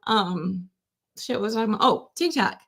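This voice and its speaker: A woman's voice: medium pitch, expressive, fairly quick, fairly bright tone, husky. A woman co-hosting a casual live stream, laughing often and telling rambling stories. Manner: giggly, rambling storyteller. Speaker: co-host.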